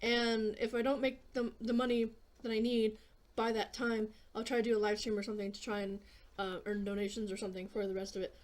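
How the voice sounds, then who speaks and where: A woman's voice: on the high side, little pitch movement, fairly quick. A woman vlogger chatting casually on camera while eating snacks, rambling and offhand, with fillers and some swearing. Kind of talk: casual eating vlog chat.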